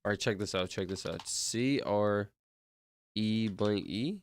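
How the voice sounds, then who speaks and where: A man's voice: lowish voice, slow pace. Rambling slangy young guy streaming. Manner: rambling, slangy, says "bro" a lot. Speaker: streamer counting out loud. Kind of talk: casual livestream chat.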